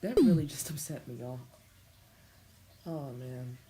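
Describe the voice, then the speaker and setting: Talking to chat during a casual live gameplay stream, a young woman stammers through her thoughts. Her extremely low voice has lively intonation and a warm tone, moving a little slowly with frequent pauses. Slight background noise is present and the recording is low-quality.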